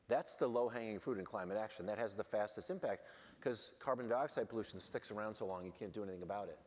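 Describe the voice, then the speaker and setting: Brief: man, low voice, blunt and wry panel guest, long hall reverb. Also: a little mellow. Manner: blunt, self-deprecating, wry. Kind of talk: candid panel conversation. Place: large event hall on stage.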